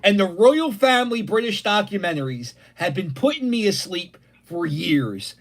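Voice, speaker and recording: Man, high voice, very lively swings in pitch, brash crude joking, casual home chat. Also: a little fast, few pauses. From Philadelphia, USA. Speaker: livestream host. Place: dining room at home.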